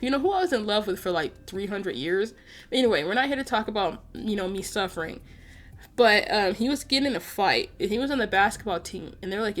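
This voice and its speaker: A woman's voice: medium pitch, a little fast, fairly bright tone. A young woman vlogging in loose, rambling chat. She talks to viewers as if to a friend, piling up filler words and sounding exasperated. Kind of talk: casual chat over gameplay.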